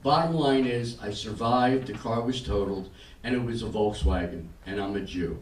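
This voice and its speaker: A man's voice: on the low side, normal speed. Older man doing stand-up in a roomy club. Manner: deadpan storytelling with acted-out quotes. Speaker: stand-up comedian. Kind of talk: stand-up set. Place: comedy club stage. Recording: roomy club sound from a distance. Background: audience laughter and room noise.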